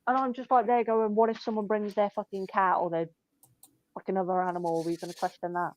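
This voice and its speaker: A woman's voice: medium pitch, level tone, quick pace, a little mellow, poor audio. Blunt, sweary woman ranting. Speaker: shop worker telling work stories. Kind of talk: casual chat.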